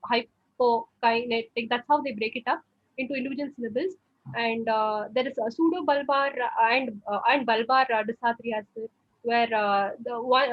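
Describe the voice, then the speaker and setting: Hesitant, high-voiced woman student. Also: dull audio. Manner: deferential, hesitant, many "uh" and "sir". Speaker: postgraduate student presenting a case. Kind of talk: case presentation answering examiner.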